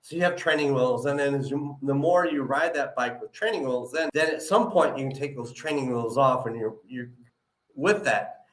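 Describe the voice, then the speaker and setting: A man's voice: medium pitch, normal speed. Male interview host with a slight lisp, upbeat and coaching, echoey room sound. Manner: encouraging, peppers talk with "you know" and "right?". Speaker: show host. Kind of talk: live interview, coaching advice.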